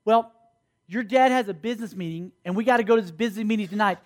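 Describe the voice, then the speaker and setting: A man's voice: high-pitched, quick pace, lightly acted. A man voicing a mother who coaxes her daughter in a sugary tone, inside a sermon story. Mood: sweet coaxing. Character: fussing mother talking sweetly to daughter.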